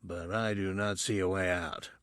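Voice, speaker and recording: A cold, terse armored bounty hunter, read by a man, his voice harsh and raw yet soft and low. Each word comes out clipped and sparing. The sound is close and dry, as in an audiobook. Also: steady tone, moderate pace, dry recording. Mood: measured.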